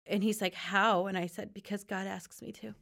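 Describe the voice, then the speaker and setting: Gravelly-voiced woman sharing her story. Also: mid-range voice, little pitch movement, brisk, darkish tone. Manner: earnest, laughs easily, acts out quoted dialogue. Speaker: guest sharing her testimony. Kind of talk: heartfelt conversational testimony.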